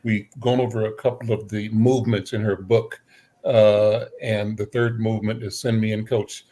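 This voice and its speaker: A man hosts an interview show, introducing his guest and asking questions. His voice sits somewhat low, and he talks casually, stopping often with "uh" fillers. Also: flat delivery, dark tone. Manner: halting, with frequent "uh" fillers. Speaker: talk show host.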